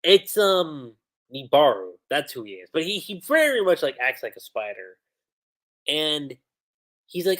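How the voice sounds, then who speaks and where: A man's voice: a little high, big pitch swings, normal speed. A man casually recapping an anime episode on a livestream, retelling scenes and quoting the characters as he goes. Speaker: anime reviewer.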